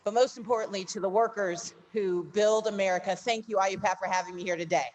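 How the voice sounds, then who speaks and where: A woman's voice: mid-range voice, fairly even intonation, quick pace, background noise. A woman giving a rousing political speech to a labor union gathering, telling a parable story and building to emphatic, repeated lines.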